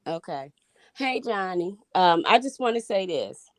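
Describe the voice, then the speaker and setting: A woman from Baltimore calling in, giving calm, reassuring advice. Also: on the low side, unhurried, no echo, studio quality. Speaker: caller. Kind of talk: call-in advice.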